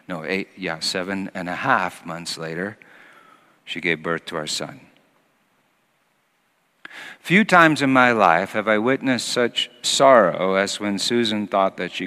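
A man preaching a sermon as pastor, telling a personal story and moving from hushed passages to loud acted quotes. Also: sits low. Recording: long hall reverb.

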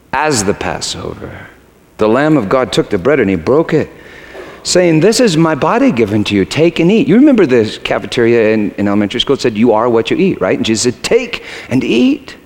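A man preaching a sermon, swinging from hushed, halting storytelling to loud, emphatic proclamation. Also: mid-range voice, lively intonation. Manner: dramatic swings from hushed to shouting; halting restarts when moved. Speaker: pastor. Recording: long hall reverb.

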